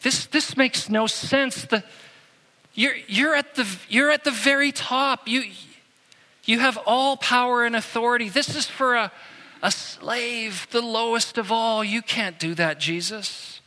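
A man's voice: extremely high pitch, unhurried, pushed and bright, big-room sound, voice pushed up, exaggerated voice. A preacher acting out a group of exasperated male disciples, pleading with incredulous protest.

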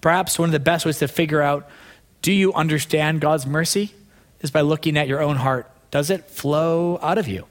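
A man delivers a sermon in a slightly higher-than-average voice. He talks earnestly and conversationally, letting his voice sink low and quiet for asides, then lifting it sharply to drive a point home. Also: moderate pace. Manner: conversational, earnest, swings between soft low asides and raised emphatic points. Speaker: pastor.

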